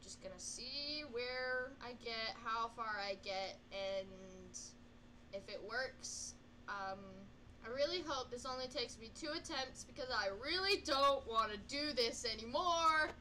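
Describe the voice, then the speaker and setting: A woman's voice: fairly high pitch, expressive, measured pace, sharp tone, a little hiss or hum. A woman gamer reacting live to a horror game, panicky and self-mocking, yelping and repeating no over and over and talking to the game's characters.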